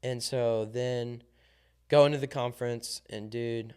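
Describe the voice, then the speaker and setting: A young man from Southern Illinois, co-hosting a podcast in casual chat, telling a lively story full of ums and likes. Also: medium pitch, takes it slowly, clear, resonant tone. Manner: animated storyteller, acts out quoted dialogue, many ums and likes. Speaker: podcast co-host.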